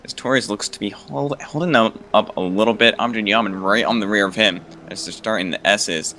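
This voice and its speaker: A man's voice: fairly low pitch, slight background noise. A man giving play-by-play commentary on an online sim race, his voice climbing when the racing gets close. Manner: quick, rising excitement on passes.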